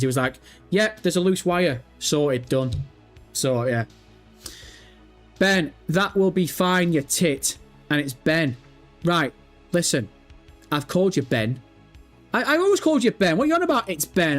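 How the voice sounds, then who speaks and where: Sweary, jokey man streaming. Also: fairly high pitch. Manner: sweary, jokey, animated and mocking. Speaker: gaming livestream host. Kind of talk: casual livestream chat reading viewer comments.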